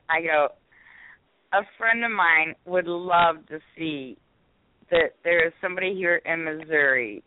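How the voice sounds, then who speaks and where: A woman's voice: low voice, unhurried. A woman calling in to a radio show, chattily telling a story with frequent giggles. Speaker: caller and co-host. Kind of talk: casual storytelling. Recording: tinny phone line.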